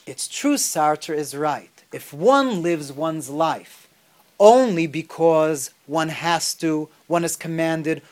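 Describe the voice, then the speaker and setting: A man teaching a Torah class, an animated storyteller who rises in pitch on key points.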